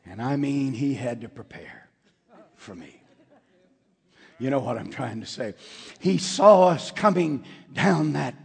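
A man preaching a sermon, telling stories dramatically and swinging from near whispers to shouts. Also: medium pitch, vocal fry, slightly rough, big-room sound.

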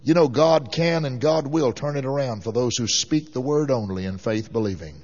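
A man's voice: mid-range voice, moderate pace, a little mellow. Folksy man preaching, muffled lo-fi sound. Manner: folksy storytelling, rising to fervent exhortation. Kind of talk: sermon storytelling. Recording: muffled lo-fi recording.

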